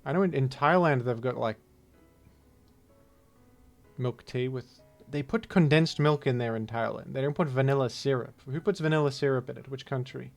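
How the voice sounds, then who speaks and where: A man talks through a guessing game in loose, rambling commentary. He jokes and breaks into mock-outraged asides, at an everyday middle pitch. Faint music plays behind him. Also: moderate pace, gravelly. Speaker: gaming video host. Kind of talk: casual gameplay commentary.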